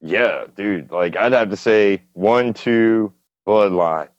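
A man with a very low voice co-hosting a film podcast, blunt and enthusiastic, cursing freely. The recording is dull and lo-fi, with a dry, close sound. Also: takes it slowly, no echo. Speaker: podcast co-host. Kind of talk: casual chat.

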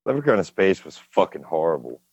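A man with a very low voice co-hosting a film podcast, blunt and enthusiastic, cursing freely. The recording is dull and lo-fi, with a dry, close sound. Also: big pitch swings, fairly quick, creaky, a little mellow, breathy edge, dry recording. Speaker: podcast co-host. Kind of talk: casual chat.

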